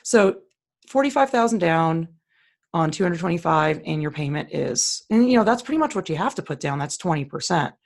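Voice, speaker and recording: A woman with a low-pitched voice talks casually and bluntly. She walks through listings on screen, opinionated and plain-spoken. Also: lively intonation, a little fast, creaky. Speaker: co-host. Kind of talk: casual screen-share commentary.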